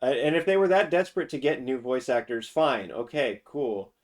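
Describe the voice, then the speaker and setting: At a moderate pace and mid-range pitch, a man streams himself ranting casually about a game trailer. Profanity and a drawl run through his speech, which is full of restarted sentences.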